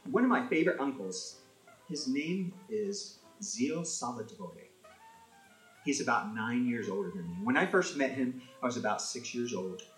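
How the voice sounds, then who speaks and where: A man from an Italian-American family telling comic stories in an animated way, acting out voices as he goes. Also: mid-range voice, reverberant, low-quality recording. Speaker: storyteller. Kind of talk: comic storytelling.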